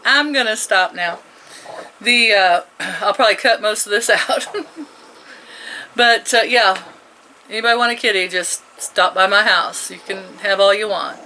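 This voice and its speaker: A woman's voice: medium pitch, a little slow, long pauses, sharp tone, slight background noise, poor audio. A woman in her sixties chatting casually at home, rambling and chuckling often. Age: 60s. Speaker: vlogger. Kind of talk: casual chat.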